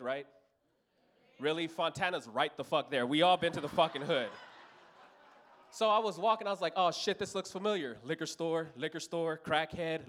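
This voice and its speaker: A man in his thirties from Los Angeles telling a profane stand-up story on stage. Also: fairly high pitch. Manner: profane, storytelling, animated voices for characters. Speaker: stand-up comedian. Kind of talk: stand-up routine. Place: comedy club stage with audience.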